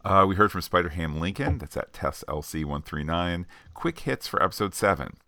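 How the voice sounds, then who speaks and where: Very low-voiced man reading listener tweets. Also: normal speed, pushed and bright, dry recording. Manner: reads off a list with frequent uh fillers. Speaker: podcast co-host.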